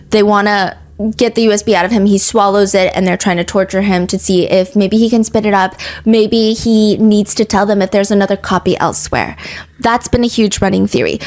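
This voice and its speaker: A young adult woman hosting a true crime podcast, telling the story in a fast, animated, breathless way. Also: mid-range voice. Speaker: podcast host.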